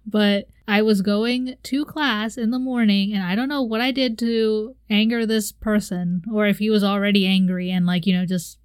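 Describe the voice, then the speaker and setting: A young woman co-hosts a relaxed conversation and tells a story with lively energy. She acts out her own reactions and laughs along the way. Her voice sits at an ordinary middle pitch and is recorded close and dry. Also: moderate pace, few pauses, smooth, no room sound. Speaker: podcast co-host. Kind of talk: casual chat, storytelling.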